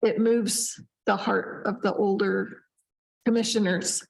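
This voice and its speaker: Woman at a public meeting, very slow, gravelly, hesitant with fillers. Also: mid-range voice, fairly even intonation, rough recording. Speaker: meeting participant.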